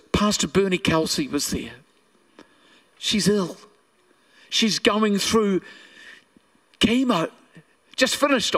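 High-voiced Kiwi pastor preaching animatedly. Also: male voice, far from the mic. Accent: New Zealand. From New Zealand. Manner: animated, jokey, repeats phrases for emphasis. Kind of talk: sermon with personal storytelling. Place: church service.

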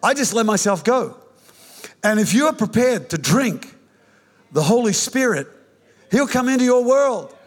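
An older man preaching a sermon, telling his own conversion story in an animated, joking way with many restarts. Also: extremely high pitch, unhurried, long pauses. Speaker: pastor. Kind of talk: sermon with personal testimony. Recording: reverberant hall.

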